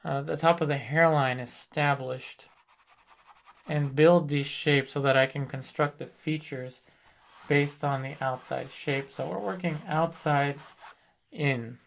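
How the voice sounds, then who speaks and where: Male painting instructor, gravelly voice, slow deliberate narration while working in the studio. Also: fairly high pitch. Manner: thinks aloud while working, calm and deliberate. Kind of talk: live painting demonstration.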